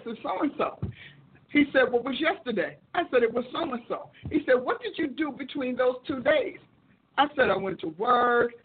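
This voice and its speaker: A woman's voice: high-pitched, breathy edge. A woman preacher hosting her show, telling a personal testimony as teaching, acting out quoted dialogue and repeating phrases for emphasis. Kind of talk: testimony-driven teaching talk. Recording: tinny phone-like audio.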